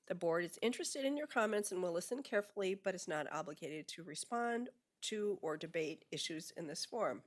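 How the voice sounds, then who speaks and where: A woman's voice: lowish voice, animated. Woman chairing a public board meeting. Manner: measured and procedural. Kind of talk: formal meeting procedure, reading a prepared statement.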